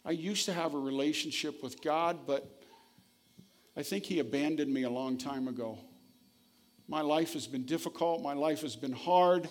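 A man's voice: on the high side, normal speed, lightly acted. A man voicing a lonely old widow telling how she had given up on God, in a sermon story. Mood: heartfelt. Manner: heartfelt, confessional.

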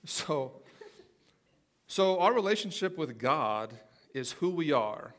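A man's voice: fairly high pitch, very animated, takes it slowly, a bit bright. A middle-aged man preaching a sermon in a folksy, joking way, with football stories. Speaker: pastor.

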